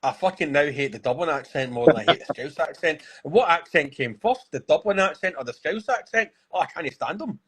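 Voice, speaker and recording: A man's voice: fairly high pitch, animated, a little fast, hardly any pauses, fairly bright tone, slightly rough. A man in casual podcast chat, blunt and ranting, swearing a lot. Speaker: podcast co-host.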